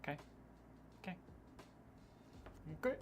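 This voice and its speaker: A man streams a PC build, chatting casually and reading viewer comments aloud. He teases in a joking way and laughs often, speaking unhurriedly over a slight hiss or hum.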